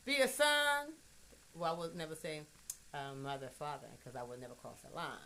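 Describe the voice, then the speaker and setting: A woman musing in a casual monologue, blunt and profane, swinging from hushed asides to emphatic loud bursts. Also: low voice, moderate pace. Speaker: vlogger.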